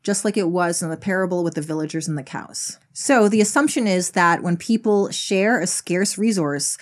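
A woman's voice: lowish voice, normal speed. A woman narrating an explanatory video essay, telling a story in a wry, conversational way.

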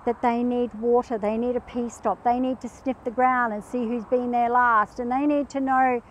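A woman with a fairly high-pitched voice giving casual advice about pets. She tells her stories in an animated way and acts out each quote in it. Her talk is loose and chatty, full of asides. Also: moderate pace, a little hiss or hum, low-quality recording. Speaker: pet behaviour guest. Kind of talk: casual chat with anecdotes.

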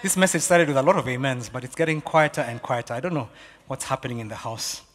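A male pastor from Kenya preaching a sermon, swinging from hushed asides to loud exhortation. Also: medium pitch, quick pace. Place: church auditorium. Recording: long reverb of a church hall.

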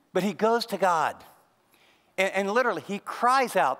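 A man preaching a sermon as pastor, firing off lists of rhetorical questions in an animated way. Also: high-pitched, normal speed, big-room sound.

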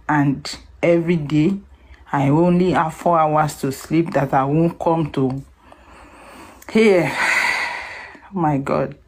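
A woman's voice: sits low, a little mellow. A Nigerian woman calling in to an online talk space, emotional, who breaks into singing a song. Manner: emotional, sings a song in Yoruba. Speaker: caller. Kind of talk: emotional call-in speech with singing.

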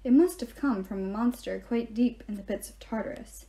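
A woman reading aloud, voicing a weary, kindly male centaur teacher who speaks calmly and gravely. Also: on the high side, moderate pace, close to an everyday voice. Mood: grave, gentle. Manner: calm, gentle and grave.

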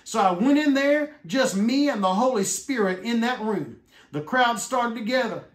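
A man preaching a sermon as a minister, stressing key words by drawing them out slowly. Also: very high voice, lively intonation, reverberant.

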